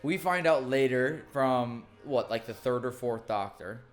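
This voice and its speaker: A man's voice: mid-range voice, unhurried, faint music behind. A man hosting a podcast, telling a funny story in casual chat, swearing freely and laughing along. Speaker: podcast host.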